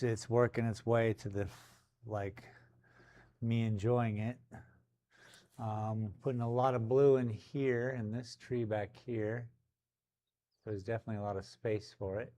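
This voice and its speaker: A man's voice: medium pitch, a little slow, long pauses. Laid-back man painting live. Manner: relaxed, talks to himself while working. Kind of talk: casual live-stream chat while painting. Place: art gallery studio.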